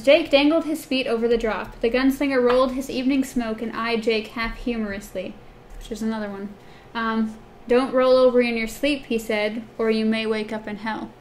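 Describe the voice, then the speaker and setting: A woman co-hosting a casual book discussion podcast, chatty and reading passages aloud in a softer voice. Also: a little hiss or hum. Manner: chatty, reads quotes in a soft low voice. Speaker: podcast co-host.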